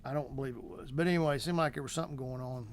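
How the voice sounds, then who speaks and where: A man's voice: mid-range voice, very fast, a little hiss or hum. A middle-aged man hosting a vlog, telling a story in a rambling, folksy way with many fillers. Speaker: vlog host. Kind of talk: casual storytelling.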